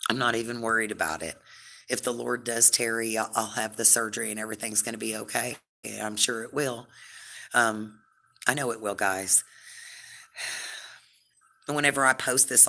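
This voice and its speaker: A woman hosting a casual live stream, rambling and chatty, full of fillers and warm toward her viewers. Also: rumbling low.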